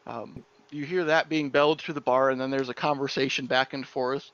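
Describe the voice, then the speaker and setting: A man's voice: mid-range voice, steady tone, a little fast, a bit bright, no echo, highs cut off. A man acting as dungeon master, narrating a tabletop game in a loose, chatty storytelling manner.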